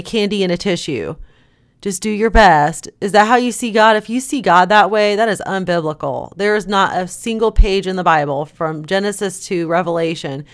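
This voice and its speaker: A woman hosting a Christian vlog, talking in a fervent, emphatic and scolding way. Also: mid-range voice. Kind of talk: preachy commentary vlog.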